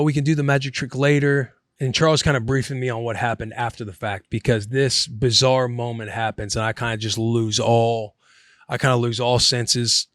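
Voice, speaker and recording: A man in his thirties, a podcast host, telling a story in a casual, animated way, swearing and calling his listener bro. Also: medium pitch, dry recording, clean studio sound.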